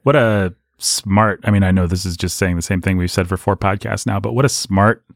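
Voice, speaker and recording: A man co-hosting a podcast, talking in an animated, rambling and candid way about a book. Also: sits low, a little fast, vocal fry, no echo, clean studio sound. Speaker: podcast co-host. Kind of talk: casual book discussion.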